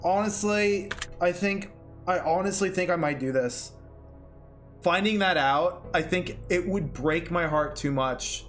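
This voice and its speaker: A man's voice: high voice, a little slow, a bit bright, faint music behind. A young man streaming a game, chatting casually, reading its text aloud, swearing and reacting emotionally.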